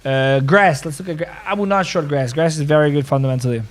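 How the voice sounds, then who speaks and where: A man hosting a casual live-stream about crypto trades, excitable and repetitive. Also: fairly high pitch, fast talker, soft background music. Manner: excitable, repeats himself, calls people bro.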